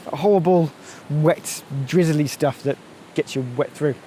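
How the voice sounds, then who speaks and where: Man vlogging outdoors on a windy hill, casual and jokey, slightly high voice, faint hiss behind. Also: measured pace, mellow. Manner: chatty, jokey, thinks aloud while walking. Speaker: hiking vlogger. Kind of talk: casual outdoor vlog chat.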